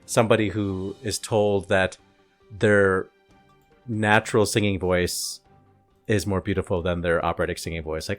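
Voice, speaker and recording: A man's voice: lowish voice, moderate pace, soft background music. A man co-hosting a casual opera podcast, talking hesitantly with many fillers. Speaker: podcast co-host.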